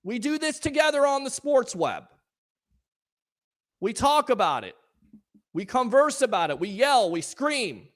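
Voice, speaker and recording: A man's voice: extremely high pitch, big pitch swings, a little slow, long pauses, a bit bright. A male sports talk host taking callers after a loss, frustrated and emphatic, firing off rhetorical questions. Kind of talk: call-in sports talk show.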